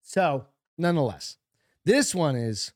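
A sarcastic middle-aged man banters on a comedy podcast, reading advice aloud with profane mock seriousness. His voice sits a little high and leaps around a lot. The sound is close and dry. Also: very animated, slow, dry recording. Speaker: podcast co-host.

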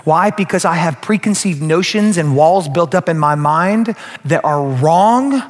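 A man preaching a sermon as pastor, animated and speaking straight to the congregation. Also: high voice. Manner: animated, acts out quoted voices, addresses the crowd directly. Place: church sanctuary. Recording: long reverb of a large hall.

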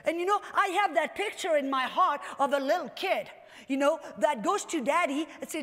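Preaching with animation in a church hall, a woman speaks at ordinary speed in a very high register, often breaking into shouting. A long reverb trails each line.

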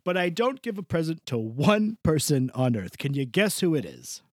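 A man's voice: fairly high pitch, sing-song, normal speed, a little mellow, no room sound, clean studio sound. A man doing a crude rambling Santa Claus. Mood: boastful. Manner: voice swooping up and down in a creepy way; rambling, boastful, crude, laughing. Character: crude foul-mouthed Santa Claus, male, old, boastful. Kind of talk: improvised comedy podcast bit.

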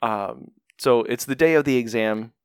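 A man's voice: mid-range voice, moderate pace, clean tone, no room sound, clean studio sound. Man joking through an anime recap. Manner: joking, rambling recap with laughs. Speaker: podcast co-host. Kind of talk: casual chat recapping an anime.

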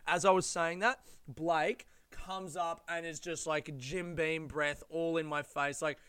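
A young Australian man telling stories in a casual monologue, animated, laughing and swearing as he goes. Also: a little high, a little slow, clear, resonant tone, no echo, clean studio sound.

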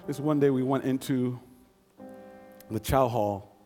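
A man in his fifties telling a personal story in a folksy, conversational way with dramatic pauses. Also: mid-range voice, dark tone, long reverb tail, faint music behind.

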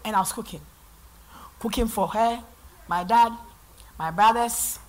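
A middle-aged woman pastor from Ghana with a Ghanaian accent, preaching a sermon in church and swinging between loud and soft. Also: a little high, a little slow.

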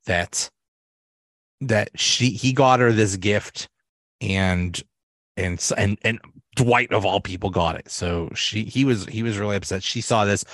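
Low-voiced guy rambling thru a podcast recap, dry close mic, lots of restarts. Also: a bit bright, dry recording. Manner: rambling, many restarts and fillers, laughs often. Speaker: podcast host. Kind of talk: casual solo podcast recap.

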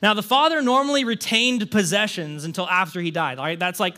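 Here a young pastor with a high, brisk, bright and forceful voice gives a sermon. He first reads a scripture story aloud, then speaks to the congregation earnestly and conversationally, restarting often and asking "right?"

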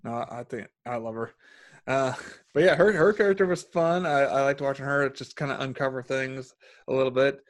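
Mid-pitched man musing about a film. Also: a little fast. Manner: reflective, hesitant, repeats words. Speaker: podcast co-host. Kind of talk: casual film review chat.

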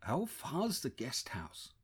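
A man's voice: medium pitch, wildly swooping pitch, slow pace, husky, full character voice. Man doing a laid-back young Indian-American guy. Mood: casual. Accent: Indian with an American twang. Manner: blunt, casual slang. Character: young Indian-American male pilgrim, casual and unbothered.

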